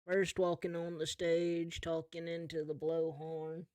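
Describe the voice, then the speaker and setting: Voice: medium pitch, monotone, unhurried, few pauses, a little mellow, no room sound. A game master narrating a western tabletop game in an easygoing, chatty way. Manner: easygoing storytelling with laughs.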